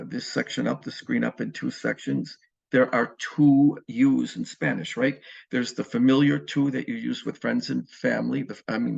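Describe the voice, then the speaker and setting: Man, Spanish teacher, gravelly husky voice, relaxed lecture full of ums, muffled lo-fi sound. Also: mid-range voice. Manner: relaxed, explanatory, frequent ums and uhs. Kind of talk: recorded classroom lecture. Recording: muffled lo-fi recording.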